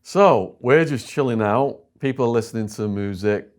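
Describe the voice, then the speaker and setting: A man's voice: medium pitch, moderate pace. A man with an English accent, an interview guest telling a story and acting out what others said. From England. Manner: animated storyteller voicing other people in quotes.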